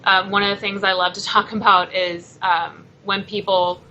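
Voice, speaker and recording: A woman, a wrestler, answering an interview in a measured way and explaining with examples. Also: medium pitch, little pitch movement, sharp tone, dull audio, slight background noise. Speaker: guest, wrestler.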